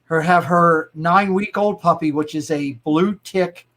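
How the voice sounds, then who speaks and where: A middle-aged man chats easily on a livestream, telling stories with a chuckle. His voice sits quite high for a man. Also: measured pace, crowd noise. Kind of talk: casual chat.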